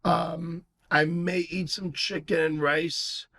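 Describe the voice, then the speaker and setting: A man chats on a podcast as a guest. He tells long, rambling stories with lots of fillers and restarts. His voice sits a bit high for a man. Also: slow pace. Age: 50s. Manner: animated storyteller, rambling with many fillers. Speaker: podcast guest, martial arts instructor. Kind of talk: casual chat.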